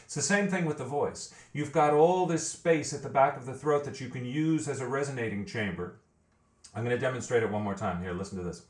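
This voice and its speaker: A man's voice: mid-range voice, brisk, roomy sound. A man teaching a vocal training lesson, explaining step by step and often repeating words as he thinks. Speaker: vocal coach.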